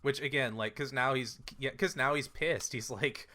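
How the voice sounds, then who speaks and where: A man's voice: mid-range voice, normal speed, sharp tone. A man co-hosting a podcast, casually recapping a film with lots of fillers and playful quoted voices. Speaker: podcast co-host. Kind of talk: casual movie recap chat.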